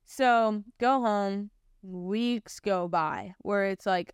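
A woman's voice: medium pitch, drawn-out words, clean tone, dry recording, studio quality. A young adult woman sharing her personal Christian testimony in a casual, heartfelt way, often saying "like". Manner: casual, heartfelt, heavy use of "like".

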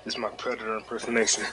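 Excitable, profane man hosting a podcast. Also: medium pitch. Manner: excitable, profane, slangy, drifting off to mutter while reading comments. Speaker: podcast host. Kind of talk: casual solo podcast chat.

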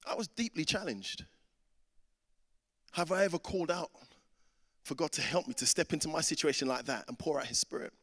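A man's voice: on the high side, fairly quick, pauses often, a bit bright. A man in his thirties preaching a sermon, telling a personal story and acting out the voices in it. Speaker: pastor. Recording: reverberant hall.

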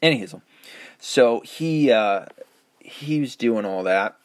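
A man's voice: medium pitch, expressive, takes it slowly, no room sound. A middle-aged man hosting a podcast, rambling through a casual solo monologue with lots of swearing, chuckles and self-mocking asides. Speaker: podcast host.

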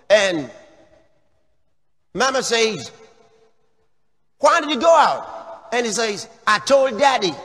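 A male pastor preaches in a high-pitched voice, firing questions at his listeners and leaping from shouts to quiet asides. The sound carries the long reverb of a large church hall. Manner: emphatic, questioning, swings from shouts to low asides. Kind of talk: sermon.

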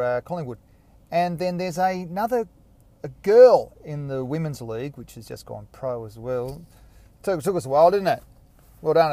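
An Australian man hosting a casual solo podcast, rambling and self-mocking, with sudden excited bursts. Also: on the high side, a little hiss or hum. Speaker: podcast host.

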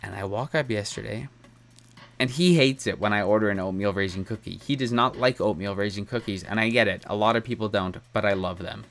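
A young man hosts a casual solo podcast, rambling candidly and laughing often. His voice is lowish, gravelly and a bit bright, and he talks fairly quickly.

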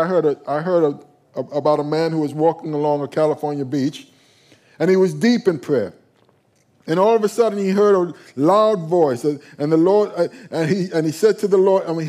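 A man's voice: sits high, darkish tone. A male pastor preaching a sermon, calling for responses from the congregation and often restarting his phrases. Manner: call-and-response, stumbling restarts.

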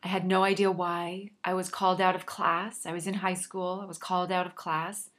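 A woman's voice: fairly low pitch, little pitch movement, normal speed, fairly bright tone. A woman coach sharing a personal story in an earnest, reflective way, with a slight frog in her throat. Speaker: life coach.

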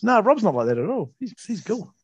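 A man's voice: high voice, big pitch swings, a little fast, husky, dry recording, dull audio. A man, co-hosting a podcast and telling a casual story, laid-back, laughing often and swearing freely. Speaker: podcast co-host.

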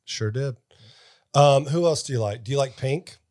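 A man's voice: medium pitch, darkish tone. Playful man in his thirties co-hosting. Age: 30s. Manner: encouraging, playful, quick to agree. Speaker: podcast co-host. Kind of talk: casual chat.

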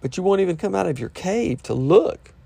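A man's voice: high voice, animated, a little fast, creaky, dark tone, breathy edge, no room sound. A man preaching a sermon, reading scripture verses aloud and breaking off to explain them in plain, conversational words.

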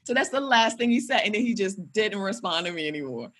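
A woman comedian chatting as a podcast guest, telling stories in an animated, profane way with big laughs. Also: medium pitch, fast. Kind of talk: casual podcast chat.

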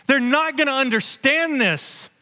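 Impassioned high-voiced preacher man. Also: unhurried, big-room sound. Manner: impassioned preaching, swinging from loud to hushed. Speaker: pastor. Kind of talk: sermon. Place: church stage.

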